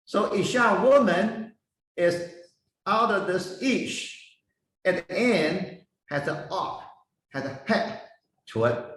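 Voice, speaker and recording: A man teaching a Bible lesson, slowly spelling out Hebrew words and their meanings one by one. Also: high voice, animated, fairly bright tone. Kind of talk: slow explanatory lesson. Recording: echoey room, voice heard from a distance.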